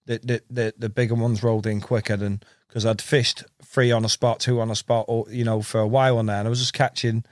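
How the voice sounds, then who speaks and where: A man's voice: medium pitch, level tone, brisk, hardly any pauses, no room sound, studio quality. A man, telling rambling fishing stories as a podcast guest, laughing and calling people mate. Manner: rambling, laughing, repeats words, says mate a lot. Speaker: podcast guest, carp angler. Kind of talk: casual storytelling chat.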